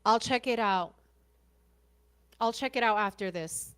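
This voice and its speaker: A woman's voice: medium pitch, measured pace, a bit bright, smooth. A woman podcast host commenting on interview clips, blunt and sarcastic, swearing freely.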